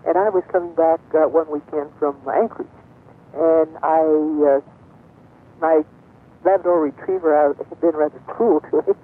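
A woman's voice: low voice, fairly even intonation, normal speed. Older woman reminiscing over a tinny line. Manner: rambling storyteller, many fillers. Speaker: radio guest. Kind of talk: reminiscing on a call-in radio show. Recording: tinny phone-line sound.

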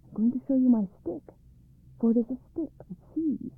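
Lady doing a soft patient old carver guy, tinny dry sound. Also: high voice, normal speed, vocal fry, husky, dry recording, voice pushed up, heavily acted. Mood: gentle. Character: gentle old man, a wandering wood carver.

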